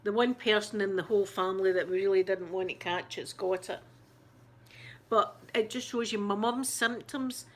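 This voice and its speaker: A Scottish woman hosting her channel, chatting casually to viewers, shaken and close to tears, stumbling and restarting as she talks. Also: mid-range voice. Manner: halting, shaken, many restarts and fillers. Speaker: ASMR channel host. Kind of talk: casual live chat.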